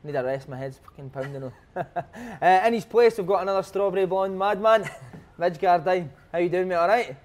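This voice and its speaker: Scottish male host, higher voice, banter-heavy, swears freely. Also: a little fast. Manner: cheeky, laughing banter with swearing. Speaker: podcast host. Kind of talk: casual chat.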